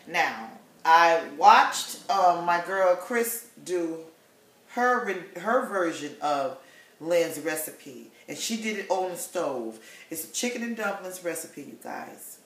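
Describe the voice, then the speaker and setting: A woman's voice: fairly low pitch, slight background noise. A woman chatting casually through a home cooking demonstration in her kitchen, often checking in with her viewers with "okay?". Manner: chatty, tags sentences with "okay?" and "you guys". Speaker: home cook vlogger. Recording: roomy kitchen with faint sizzle. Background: pan sizzling.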